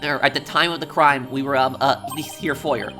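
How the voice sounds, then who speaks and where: A man's voice: mid-range voice, fairly even intonation, fairly quick, bright, forceful tone, natural voice. Timid nervous sidekick, stammering, hesitant, game voice by a man, music underneath.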